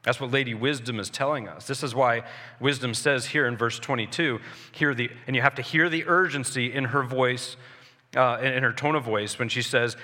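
A man preaching a sermon as a pastor, earnest, pausing and restarting as he explains a scripture passage. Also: medium pitch, fairly even intonation, pushed and bright. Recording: long reverb of a large hall.

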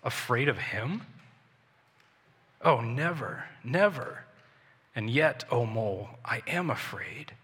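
A man's voice: medium pitch, lively intonation, slow, long pauses, pushed and bright, slightly rough, heavily acted. A man reading aloud a male water rat's awed, tender words in a reverberant hall.

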